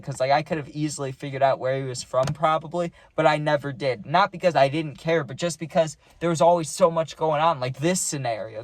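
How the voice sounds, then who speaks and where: Young man, casual storytime, slangy and rambling, slightly high voice, dry close sound. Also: no room sound. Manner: rambling, slangy, keeps saying "dude".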